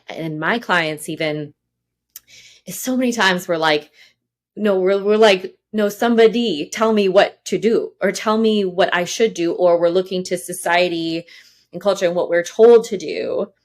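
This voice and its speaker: A woman hosting a podcast, reacting to her guest in an effusive, expressive way. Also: lowish voice, moderate pace. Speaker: podcast host. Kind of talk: casual interview chat.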